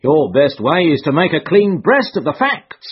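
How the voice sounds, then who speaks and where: A shrewd, smug detective, as a male narrator puts him on, eager and knowing, his raised voice jumping about as he tells his tale. The sound is husky and breathy on a dull, lo-fi storybook recording. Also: a little high, big pitch swings, normal speed, voice pushed up. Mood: firm. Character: shrewd, self-satisfied male police detective.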